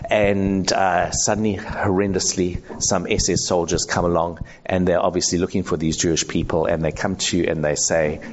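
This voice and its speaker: Before a room full of people, a man with a low voice teaches ethics live, speaking conversationally, asking for a show of hands and acting out the voices he quotes. The recording sounds dull and lo-fi, with a little hiss or hum.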